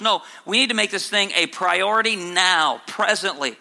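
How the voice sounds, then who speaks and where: Male pastor, high sharp voice, sermon with sarcastic mock quotes. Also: moderate pace, few pauses. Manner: preaching, swings between low earnest and high sarcastic mock quotes. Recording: long hall reverb.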